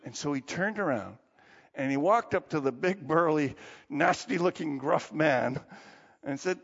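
A male pastor preaching a sermon with animated storytelling, closing in quiet prayer, in a dull recording with long hall reverb. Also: a little high, unhurried.

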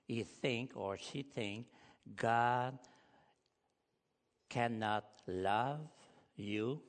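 A pastor preaching a sermon with emphatic, rising delivery, speaking English as a with as his first. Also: medium pitch. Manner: emphatic preaching, rising loud on key points, non-native grammar. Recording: long hall reverb.

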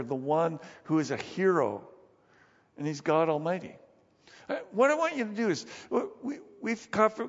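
High-voiced man preaching in a reverberant hall. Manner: animated, acts out Bible scenes. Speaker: pastor. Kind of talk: sermon. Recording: dull sound with long hall reverb.

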